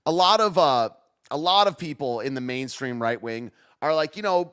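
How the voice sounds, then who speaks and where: A man's voice: fairly high pitch, animated, moderate pace, a bit bright, clean tone. A man hosting a podcast, talking in a sarcastic, rambling way and laughing at himself. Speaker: podcast host. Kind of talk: casual political podcast rant.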